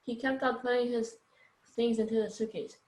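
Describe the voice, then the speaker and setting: A woman's voice: fairly high pitch, steady tone, normal speed, a little mellow. Female student, careful read-aloud, roomy echo on the audio. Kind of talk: reading aloud. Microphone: video call.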